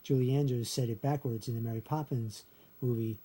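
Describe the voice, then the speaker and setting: A video creator teaches a memory trick in a casual screen-share lesson, explaining step by step, saying "okay" after nearly every phrase and counting syllables aloud. His voice is mid-range, dark and husky, with a steady tone and a brisk pace.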